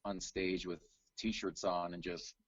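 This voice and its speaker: A middle-aged man from Canada answering interview questions in a relaxed, storytelling way with plenty of fillers. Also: low voice, takes it slowly, no echo, highs cut off. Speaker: guest, tribute singer. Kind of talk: casual video call interview.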